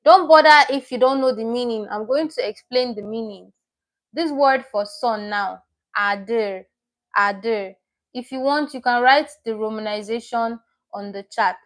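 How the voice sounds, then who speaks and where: A woman's voice: fairly high pitch, measured pace. A woman teaching a live online lesson in a chatty way, often repeating herself and correcting her own slips as she reads out viewers' names and comments.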